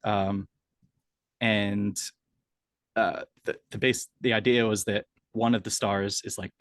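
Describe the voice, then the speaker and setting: A man interviewed as an author, explaining ideas in a thoughtful, hesitant way with many pauses and fillers. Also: fairly low pitch, little pitch movement, a bit bright, dry recording. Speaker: author guest. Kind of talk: casual interview chat.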